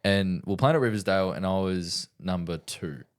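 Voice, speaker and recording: A man's voice: low voice, fairly quick. A young Australian man, a podcast host, telling stories in casual chat. He laughs through his lines and swears freely.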